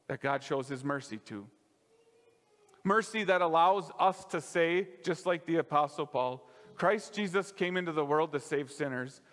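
A male pastor preaching a sermon in a church, casual and conversational, dropping softer on key lines. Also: fairly high pitch, big-room sound. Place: church sanctuary.

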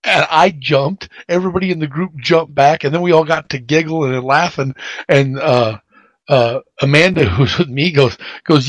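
A man co-hosting a radio show, telling stories in a casual, animated, rambling way. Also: a little high, fairly quick, dry recording.

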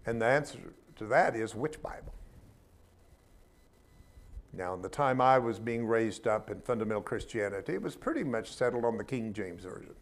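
A man teaching a spiritual class in an informal sermon style, talking in a conversational, emphatic way with humorous asides. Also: fairly low pitch.

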